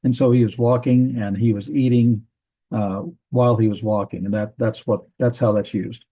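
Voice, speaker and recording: A man teaching a grammar lesson from a Bible language textbook, methodical, repeating words and pausing with fillers. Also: fairly low pitch, fairly even intonation, mellow, husky, poor audio.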